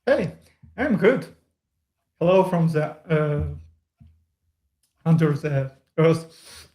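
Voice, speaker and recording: A man with a non-native accent, a podcast guest speaking in casual chat, hesitant with many fillers and pauses. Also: on the high side, expressive, mellow. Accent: Eastern European. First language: not English. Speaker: podcast guest, user group leader. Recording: echoey room.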